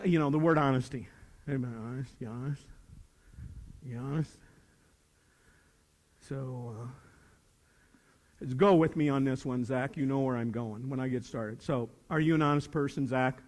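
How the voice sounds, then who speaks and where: A middle-aged man, a teacher, giving a folksy, animated motivational talk to students, acting out bits of dialogue. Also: medium pitch. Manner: folksy, animated, acts out dialogue with shifting voices. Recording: reverberant hall.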